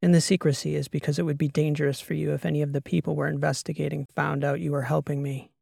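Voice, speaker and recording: A man voicing a calm, guarded female starship captain who speaks softly and in a measured way. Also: on the high side, creaky, no room sound, clean studio sound. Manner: soft, measured, quiet delivery.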